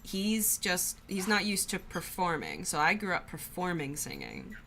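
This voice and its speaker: A woman's voice: lowish voice, huge pitch swings, measured pace, pushed and bright, a little hiss or hum. A young woman co-hosting a crafting livestream, chatty and casual as she reads out viewer comments. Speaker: co-host and video editor.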